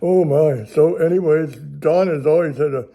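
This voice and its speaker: A man's voice: fairly high pitch, moderate pace, dark tone. Folksy older man telling a story. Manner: rambling, chuckling, folksy grammar. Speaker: ministry TV host. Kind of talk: casual storytelling.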